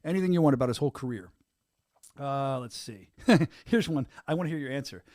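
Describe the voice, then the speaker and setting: A man's voice: mid-range voice, animated, a little fast, darkish tone, dry recording, clean studio sound. A middle-aged man hosting a casual podcast, joking and laughing often. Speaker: podcast host.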